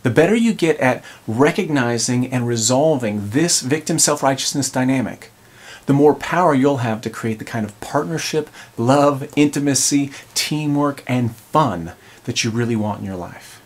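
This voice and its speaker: A man's voice: medium pitch, husky. Man telling a relationship-coaching story. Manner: conversational, acts out quotes. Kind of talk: storytelling talk.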